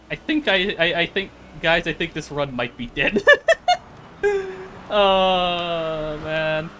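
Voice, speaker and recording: A man's voice: fairly high pitch, slow, a bit bright, slight background noise. A streamer, seemingly a man, giving casual commentary on a racing game, repeating phrases and breaking into fits of laughter.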